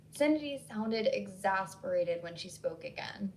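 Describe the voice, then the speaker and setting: A woman's voice: medium pitch, expressive, normal speed, creaky, hardly any pauses, slight background noise, low-quality recording. Woman reading a scary story. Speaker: horror story narrator.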